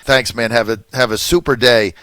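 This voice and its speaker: A man hosting his own radio talk show, animated and emphatic. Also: medium pitch, normal speed, dry recording.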